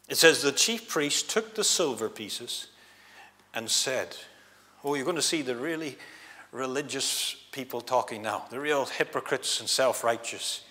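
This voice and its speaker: A man preaching a gospel sermon in church, dramatic, swinging from loud declarations to hushed tones. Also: mid-range voice. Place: church hall. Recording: long hall reverb.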